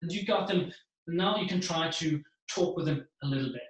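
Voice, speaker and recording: A man gives a motivational keynote talk to an audience. He speaks in an animated way and acts out the voices he describes. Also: a little high, moderate pace. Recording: very echoey room.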